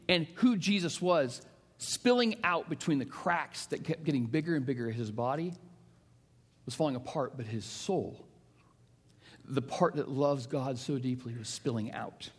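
A middle-aged male pastor preaching a sermon, telling stories that swing from hushed to emphatic. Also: mid-range voice. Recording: long reverb of a large hall.

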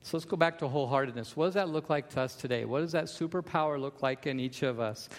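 A man's voice: on the high side, fast talker, in a large hall. A man preaching a sermon as pastor, emphatic, with repeated refrains.

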